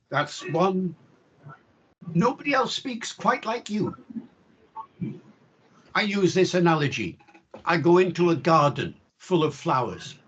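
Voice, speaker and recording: An older man, a linguistics professor, answering interview questions in a measured, reflective and emphatic way over a video call. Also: sits high, a bit bright, highs cut off, slight background noise.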